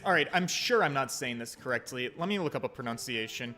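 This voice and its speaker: A man's voice: mid-range voice, expressive, a little fast, hardly any pauses, sharp tone, soft background music. An American man casually commenting on a game while streaming, profane and rambling.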